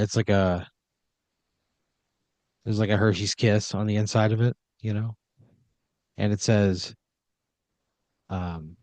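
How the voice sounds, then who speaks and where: A man narrating an improvised comedy story as game master, deadpan and laid-back with lots of filler words. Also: on the low side, no echo.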